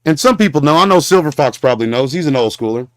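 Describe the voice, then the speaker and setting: A man hosts a livestream and rants at his critics, his somewhat high voice leaping up and down. He rambles and stumbles, then breaks into preacher-like condemnations. The sound is dry and close. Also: expressive, fast, fairly bright tone, no echo. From Southern Oklahoma. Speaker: show host. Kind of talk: confrontational livestream rant.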